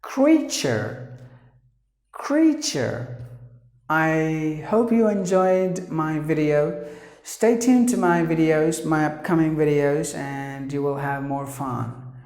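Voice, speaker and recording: Male English teacher, slow and careful, repeats every word twice, roomy classroom sound. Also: on the high side, a little mellow. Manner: says each word twice, slow and deliberate. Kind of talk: pronunciation lesson. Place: classroom with a board. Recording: echoey room.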